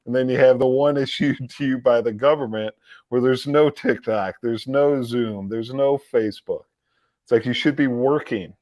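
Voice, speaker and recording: A man's voice: mid-range voice, normal speed, a little mellow, no echo. A man hosting a live-streamed commentary show, talking in a mocking, sarcastic way, laughing often and repeating words as he restarts his sentences. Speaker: livestream political commentary host.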